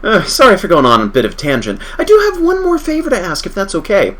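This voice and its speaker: A man's voice: high-pitched, huge pitch swings, quick pace, fairly bright tone, pitched above the performer's own voice, exaggerated voice. A man voicing a chatty female scientist in a friendly, rambling way, close to his own voice.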